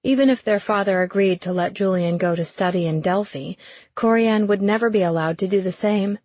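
Sex: woman. Role: audiobook narrator reading fiction in a measured, even way. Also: medium pitch, dry recording. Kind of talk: scripted narration.

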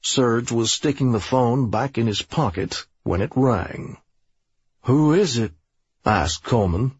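A man narrating an audiobook in a steady, deliberate way. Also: mid-range voice, breathy edge, no echo. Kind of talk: scripted narration. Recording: slightly dull, dry audio.

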